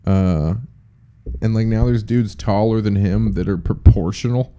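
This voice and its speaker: A man's voice: fairly low pitch, a little slow, warm tone, clean tone. A young man hosting a podcast alone, rambling casually with profane jokes and chatty asides. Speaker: podcast host. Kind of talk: casual solo podcast chat.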